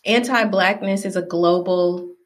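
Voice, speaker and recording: A woman's voice: mid-range voice, unhurried. A woman from the American South with a Southern accent, chatting casually as a podcast guest and acting out the people in her stories. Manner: animated storyteller who acts out quoted people. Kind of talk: casual conversation.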